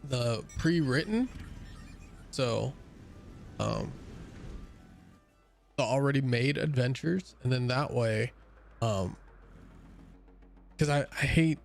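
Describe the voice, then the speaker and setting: Speaking slowly with vocal fry and frequent pauses, a medium-pitched young man streams a game over faint music. He rambles casually with lots of fillers and restarts and sounds a bit tired.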